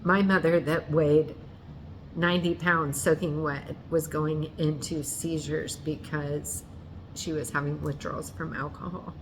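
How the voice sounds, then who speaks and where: Low-voiced woman telling a story slowly. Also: level tone, a little hiss or hum. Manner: halting and earnest, with frequent restarts and self-corrections. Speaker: vlogger telling a personal story. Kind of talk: candid personal storytelling.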